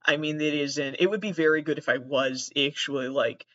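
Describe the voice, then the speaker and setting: A man hosting a podcast in a rambling, profane, self-deprecating monologue, with a gravelly, monotone voice. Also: fairly high pitch, a little fast, no room sound. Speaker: podcast host. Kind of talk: casual monologue. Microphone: laptop recording. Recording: dull, dry lo-fi sound.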